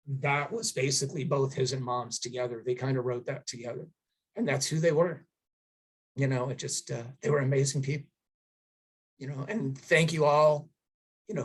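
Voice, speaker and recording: A middle-aged man, emotional, telling a heartfelt family story at a tribute, halting with many fillers. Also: medium pitch, breathy edge, low-quality recording. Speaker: son giving a memorial tribute. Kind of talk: personal storytelling at a gathering.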